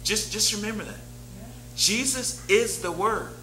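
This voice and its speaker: A man's voice: sits high, measured pace, sharp tone, roomy sound, a little hiss or hum, low-quality recording. A man preaching a sermon as pastor, talking in a conversational way, repeating key phrases and reading scripture aloud. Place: church sanctuary.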